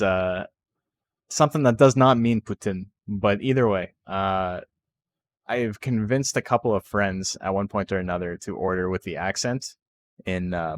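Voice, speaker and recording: A man's voice: on the low side, normal speed. A man hosting a live stream of a game tournament. He rambles casually, jokes and swears freely between calls of the action. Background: faint background music.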